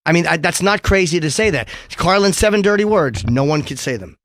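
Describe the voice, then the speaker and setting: A middle-aged man hosting a radio talk show, ranting in an animated, profane way. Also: a little high, a little fast, no echo, clean studio sound.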